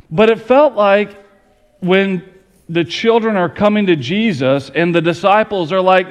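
Playful pastor in a reverberant church. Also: male voice, sits high, moderate pace, clear, resonant tone. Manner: playful, addresses the congregation directly. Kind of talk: Christmas sermon. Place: church sanctuary with congregation. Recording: long hall reverb, audience noise.

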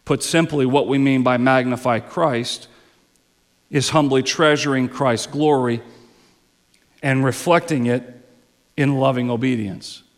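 A male pastor preaching a sermon, swelling up into emphatic high passages and dropping to soft, low phrases, sometimes repeating words as he restarts. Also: fairly even intonation, a little slow, long pauses, in a large hall.

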